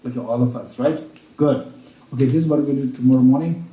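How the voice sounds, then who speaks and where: A man teaching Buddhist practice at a retreat, repeating each point slowly as if dictating, with halting restarts and check-ins with his listeners. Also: mid-range voice, fairly even intonation, mellow. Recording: roomy room, speaker far from mic.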